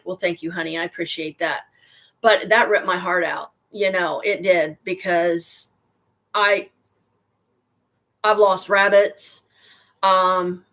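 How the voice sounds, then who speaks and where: A woman's voice: medium pitch, a bit bright. A woman telling personal stories casually, rambling and heartfelt, with frequent restarts and asides. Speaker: storyteller addressing a listener.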